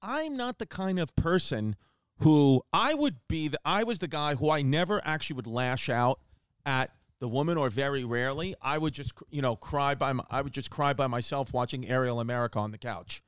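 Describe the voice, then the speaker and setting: A man's voice: mid-range voice, lively intonation, brisk, clean tone, dry recording, clean studio sound. A man hosting a podcast, chatting casually and asking teasing, probing questions. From New York, the Bronx. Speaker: podcast host. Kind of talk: casual chat.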